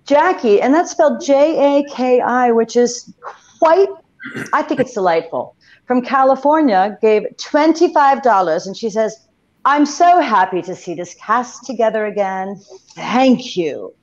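Brief: woman, slightly high, wry humor, dull lo-fi call audio. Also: lively intonation, measured pace, a little mellow. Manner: wry, self-deprecating. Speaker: guest actress. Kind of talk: casual chat over video call. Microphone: video call.

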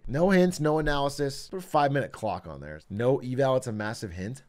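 A man streaming chess games, excitable and self-mocking, swearing often. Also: mid-range voice, brisk. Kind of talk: live-stream chess commentary.

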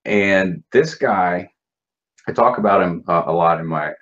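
A man recounts his experiences in a casual interview, blunt and profane, full of fillers and restarts. He has a low, slightly bright voice at a measured pace. The lo-fi recording sounds dull.

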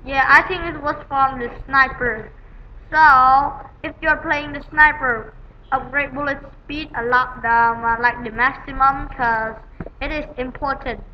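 A woman giving rambling, excitable gameplay commentary on a dull lo-fi home recording, with sudden loud outbursts. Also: high-pitched, unhurried, a little hiss or hum. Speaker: gaming channel host.

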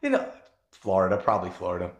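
A man hosting a casual reaction commentary, high and talking in a profane, laughing way. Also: huge pitch swings, quick pace, heavy background noise. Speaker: host. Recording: echoey room with loud music. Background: loud music.

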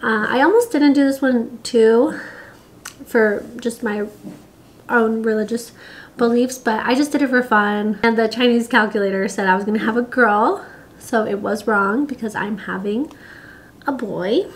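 A woman's voice: on the high side, unhurried. A pregnant young woman talking casually to camera, chatty and giggly, with lots of fillers. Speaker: vlogger.

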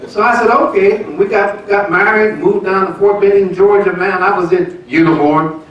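A man's voice: sits high, fairly even intonation, fairly quick, lo-fi sound, a crowd in the background. A man in his seventies, a pastor telling a folksy, laughing story about his marriage during a church service. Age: 70s. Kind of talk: church testimony and announcements. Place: church sanctuary. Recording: echoey church room from far off.

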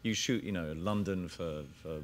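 A man being interviewed as an actor guest, talking in an animated way, laughing often and restarting his sentences. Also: low-pitched, moderate pace, crowd noise. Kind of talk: casual interview chat.

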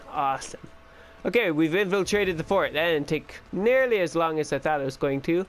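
A man giving casual let's-play commentary as a gaming channel host, excitable and chatty, talking back to the game as he plays. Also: fairly high pitch, a little hiss or hum.

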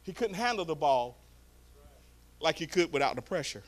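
A male pastor, preaching a sermon through animated storytelling. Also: on the high side, moderate pace.

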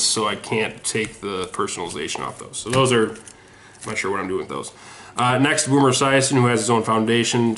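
A man's voice: medium pitch, a bit bright. Sweaty, rambling man in an echoey room. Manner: rambling and self-deprecating, with frequent ums and restarts. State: sweaty and slightly hoarse throat. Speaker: sports autograph collector showing his mail returns. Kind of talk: casual home video chat. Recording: echoey room with faint noise.

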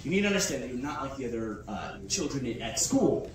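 A man voicing a flat, patient male pediatrician on a distant, echoey club stage recording. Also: mid-range voice, fast, pitched below the performer's own voice, lightly acted. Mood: dry. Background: audience noise.

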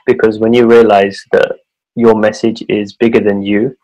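Earnest man hosting a podcast, low voice. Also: flat delivery, normal speed, dark tone, poor audio. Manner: earnest, repeats words, builds his points. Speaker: podcast host. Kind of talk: casual conversational interview.

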